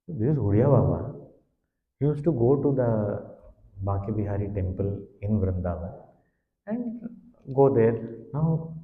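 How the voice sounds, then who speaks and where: A man giving a spiritual discourse as a swami, explaining scripture with Sanskrit and Hindi terms and animated emphasis. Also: on the low side. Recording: dull, echoey hall sound.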